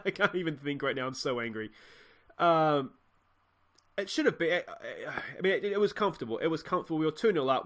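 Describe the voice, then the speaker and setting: A young Australian man hosts a let's play, commentating his football management game in a rambling, frustrated way and restarting many times. His voice is medium-pitched and a bit bright.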